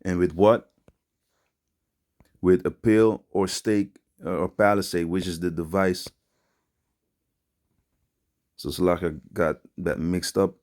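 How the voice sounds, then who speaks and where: A man's voice: low voice, steady tone, unhurried, darkish tone. A man giving an informal religious teaching in street slang, rambling with many fillers and ending his phrases with "man". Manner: street-style slangy preaching, repeats "man". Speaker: preacher.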